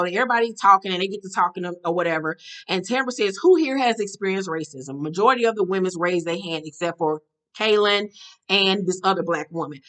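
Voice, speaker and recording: A woman vlogger recapping a reality show episode in a blunt, profane, animated way. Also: on the low side. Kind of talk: casual storytelling recap.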